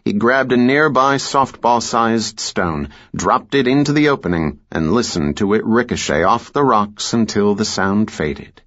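Male audiobook narrator, low and slow, lo-fi sound. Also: lively intonation, a bit bright. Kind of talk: scripted thriller narration.

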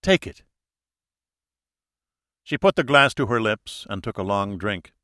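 A man narrating a thriller audiobook in a measured, dramatic storytelling manner. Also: fairly low pitch, bright, forceful tone, dry recording, clean studio sound.

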